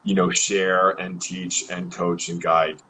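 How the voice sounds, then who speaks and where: A man hosting as a health coach, speaking calmly and reflectively with many "uh"s and restarts. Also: low voice, slow pace, a little hiss or hum, poor audio. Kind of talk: casual interview chat.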